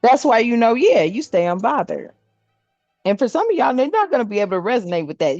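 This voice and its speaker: A woman's voice: fairly high pitch, big pitch swings, a little fast, dry recording, dull audio, faint music behind. A woman giving a casual spiritual card reading, blunt and profane, laughing often as she talks.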